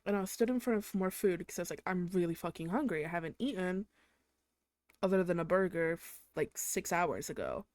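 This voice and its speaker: Low-voiced young woman ranting casually. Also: lively intonation, fairly quick, darkish tone, no echo. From England. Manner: exasperated, swears a lot, heavy use of "like". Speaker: podcast host.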